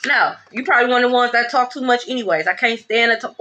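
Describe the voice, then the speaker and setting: A woman's voice: on the high side, quick pace, highs cut off, noisy background. Sassy, profane woman reading tarot. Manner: blunt, profane, sassy and emphatic. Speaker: tarot reader. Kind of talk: casual tarot reading rant.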